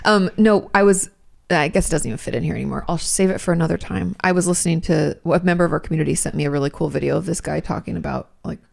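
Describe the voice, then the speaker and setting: Gravelly-voiced woman podcast co-host. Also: low-pitched, fast talker, darkish tone. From United States. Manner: blunt, swears, laughs often. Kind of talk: casual chat.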